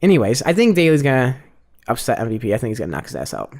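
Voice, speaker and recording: A man's voice: medium pitch, huge pitch swings, very fast, darkish tone. A young man in an easygoing podcast chat, his voice sitting in a middle range. He rambles through a fight recap, dropping fillers and curse words as he goes. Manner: rambling, profane fight breakdown with many fillers. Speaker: podcast co-host. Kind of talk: casual chat.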